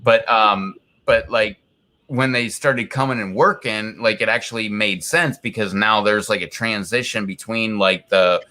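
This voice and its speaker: A man's voice: fairly low pitch, steady tone, measured pace, sharp tone. A man chatting casually on a live stream from his home, rambling through a story with lots of fillers. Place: home, indoors.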